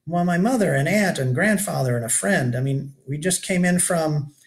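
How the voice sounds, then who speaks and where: A man's voice: fairly high pitch, expressive, normal speed, voice pushed up. A man reading aloud and voicing an eager, curious ten-year-old boy. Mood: hesitant. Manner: eager, questioning.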